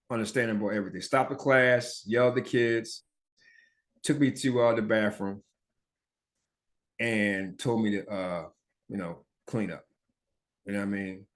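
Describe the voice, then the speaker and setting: A man from Philadelphia talks through his childhood on his own podcast. His voice sits at an ordinary pitch for a man, and he talks bluntly and profanely. He keeps checking in with listeners and now and then stutters or mumbles a word. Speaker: podcast host. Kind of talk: casual personal storytelling.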